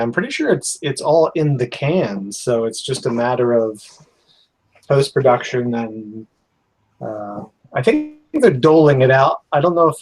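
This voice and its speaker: Relaxed man chatting, hedging a lot. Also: medium pitch, poor audio. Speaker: cartoonist in a drawing group. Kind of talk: casual chat.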